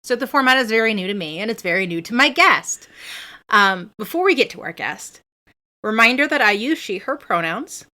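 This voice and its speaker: A woman hosting and running a tabletop game as dungeon master, with a quick, playful, animated way of talking. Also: a little high.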